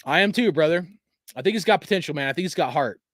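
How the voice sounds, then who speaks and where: Heated, profane man, high voice. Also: animated, fast, fairly bright tone, dry recording, clean studio sound. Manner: profane, heated, rambling with restarts. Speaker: sports fan channel host. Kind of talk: casual ranting commentary.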